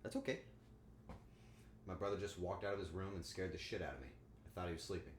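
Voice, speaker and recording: A man with a low voice talks fast while casually streaming as he cooks at home, cracking crude jokes and answering his chat. The recording has a slight hiss or hum, and the room is echoey with faint ambience.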